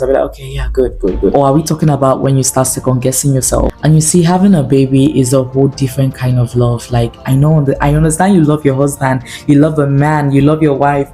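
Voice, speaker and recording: Young woman, low mellow voice, earnest confiding vlog delivery, faint music behind. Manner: earnest and confiding, with animated asides. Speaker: lifestyle vlogger. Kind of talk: candid talking-to-camera vlog.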